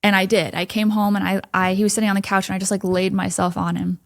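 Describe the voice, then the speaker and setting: A woman recounting her experience at church, animated, full of "like" fillers, dropping to a whisper when quoting her own thoughts. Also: medium pitch, fast. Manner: frequent "like" fillers, laughs often. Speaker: podcast guest. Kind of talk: personal testimony in conversation.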